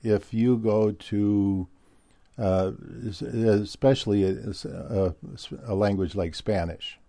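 A man's voice: fairly low pitch, fairly even intonation, takes it slowly, warm tone, dry recording, clean studio sound. A man from Minnesota with a Midwestern American accent, talking in a rambling casual monologue with many fillers and restarts.

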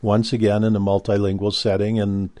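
A man's voice: fairly low pitch, flat delivery, fairly quick, mellow. An older man telling a story about his past in a casual, rambling way, often stopping and restarting. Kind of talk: casual spoken recollection.

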